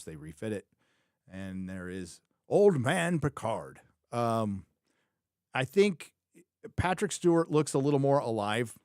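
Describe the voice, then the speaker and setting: A man's voice: mid-range voice, no echo, studio quality. A man hosting a live review show, talking casually and opinionatedly, rambling and correcting himself and repeating lines for emphasis. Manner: opinionated, repeats his own phrases for emphasis; rambling, thinks aloud, frequent self-corrections. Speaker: show host reviewing a TV series. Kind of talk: casual livestream commentary.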